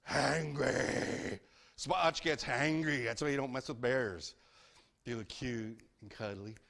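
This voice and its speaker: A man telling a story aloud to an audience in a playful, lively way, asking listeners to join in. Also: mid-range voice, unhurried. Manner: lively, playful, asks listeners to repeat words.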